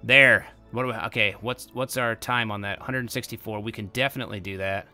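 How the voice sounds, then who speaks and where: A young man giving casual let's-play commentary, excitable and bursting into loud exclamations. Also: lowish voice, fairly quick, faint music behind. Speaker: gameplay commentator.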